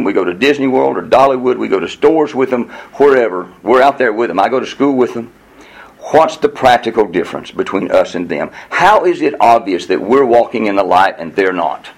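A man's voice: medium pitch, expressive, a little fast, creaky, rough recording. A man leading an interactive Bible class, asking questions and preaching to the group.

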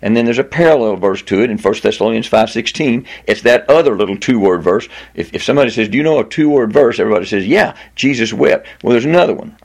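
A man's voice: mid-range voice, expressive, creaky. Emphatic preaching man. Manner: emphatic preaching, slowing and lifting on key words; reads scripture aloud with stress on repeated words. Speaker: pastor. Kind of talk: sermon.

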